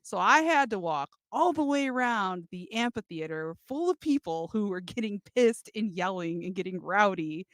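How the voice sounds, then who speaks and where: A woman's voice: medium pitch, animated, moderate pace, hardly any pauses, no echo, studio quality. A woman co-hosting a podcast, telling a story in casual chat and laughing as she goes. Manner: chatty, laughs while telling stories. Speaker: podcast co-host.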